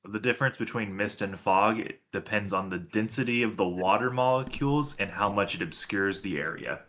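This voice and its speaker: A man in a tabletop game trades dry jokes with the table and slips into his character's lines. His voice sits low, with a bright, clear top to it. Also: fairly quick. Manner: dry, joking. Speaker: player. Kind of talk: casual tabletop role-play.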